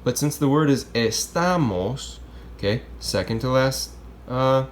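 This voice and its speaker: A man's voice: mid-range voice, normal speed, slight background noise. Chatty man teaching a language lesson. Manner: casual and chatty, checks in with "okay?" and "right?". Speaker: Spanish teacher. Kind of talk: classroom lesson explaining grammar.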